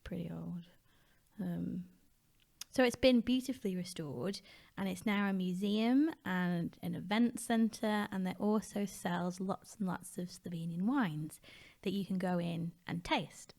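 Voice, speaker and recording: Woman, travel podcast co-host, slightly low voice, casual chat, hesitant recollection. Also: a little slow, vocal fry, a little mellow. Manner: easygoing, hesitant recollection with many fillers. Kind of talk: casual conversational storytelling.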